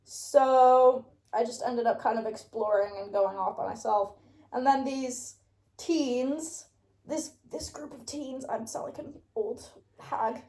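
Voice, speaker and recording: A young woman with a British accent hosts a casual chat. Her voice sits fairly high. She tells long stories and laughs often. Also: slow pace, darkish tone, reverberant. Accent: British English. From England. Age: young adult. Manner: chatty storytelling, laughs often. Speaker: podcast host.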